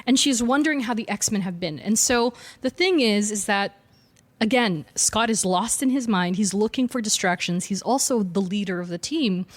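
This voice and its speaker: A woman's voice: mid-range voice, moderate pace. A woman co-hosting a podcast, casually and animatedly retelling a comic story with frequent laughs and slangy asides. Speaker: podcast co-host. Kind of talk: casual chat recapping comics.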